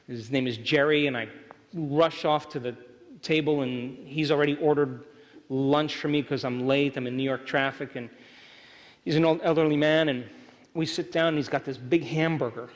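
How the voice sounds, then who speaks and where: In a large hall full of people, a middle-aged workshop speaker lectures emphatically and often asks his audience to agree. His voice is on the high side, with fairly even intonation and normal speed, and the recording has live-venue hall reverb.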